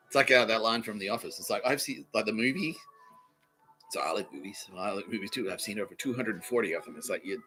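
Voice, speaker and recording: A man hosting a comedy podcast, ranting and swearing, often breaking into high-pitched giggles mid-sentence. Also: sharp tone, poor audio. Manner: swearing, laughing through his words, bursts of high-pitched giggling. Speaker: podcast host. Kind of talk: rambling comedic rant.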